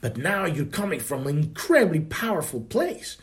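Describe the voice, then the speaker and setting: This is a man hosting a spiritual talk podcast, his voice on the high side and very animated at a moderate pace. He keeps things casual, curses often, and restarts sentences repeatedly.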